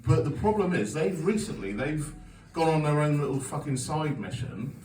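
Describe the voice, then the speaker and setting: A man's voice: on the high side, lively intonation, moderate pace, warm tone, slight background noise. A man in his forties doing a stand-up comedy set, telling sweary, self-mocking stories with an audience laughing along. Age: 40s. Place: comedy club stage. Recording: echoey venue, taped from a distance.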